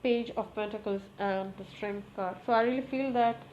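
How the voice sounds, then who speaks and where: A woman does a casual tarot reading, speaking straight to her cards and repeating her requests to them. Her voice sits at an ordinary pitch and now and then breaks into excited exclamations. The recording is a little muffled, with a faint hiss of noise behind her. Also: moderate pace. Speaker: tarot reader.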